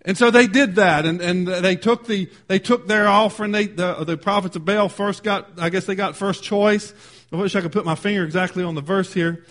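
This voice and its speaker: A male preacher retelling a scripture story in a sermon. He talks emphatically, swinging from loud declarations to hushed readings of old scripture wording. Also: high voice, fairly quick.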